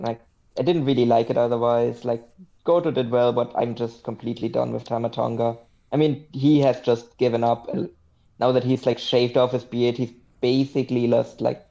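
A man's voice: medium pitch, dark tone, dull audio. A man as a podcast guest, chatting casually and sardonically, rambling with lots of fillers.

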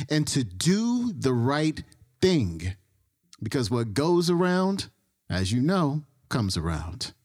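A man introduces his podcast in a raised, animated voice. His delivery swings up and down in a sing-song lilt and drops low to close. The sound is dry and close, with no room around it. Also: breathy edge, no room sound. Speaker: podcast host. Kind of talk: scripted show intro.

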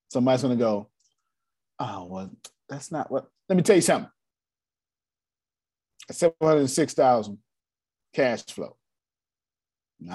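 A man coaching a live audience on business cash flow, animated and repetitive. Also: medium pitch, slightly rough, no echo. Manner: animated, repetitive, drops into playful put-on voices. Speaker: finance coach. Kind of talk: live online business teaching.

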